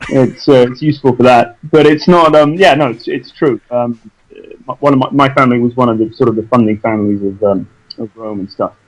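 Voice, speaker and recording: A man's voice: mid-range voice, brisk, low-quality recording. Chatty English man, easygoing actor. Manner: chatty, self-deprecating, stumbles on restarts. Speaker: actor guest. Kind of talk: casual interview chat.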